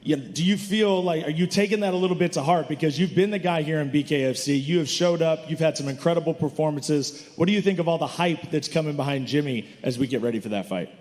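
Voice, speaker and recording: A man's voice: a little high, fast, few pauses, a little mellow, big-room sound. A man hosting a fight press conference, asking fighters questions in an enthusiastic, hyping manner. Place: hotel conference hall.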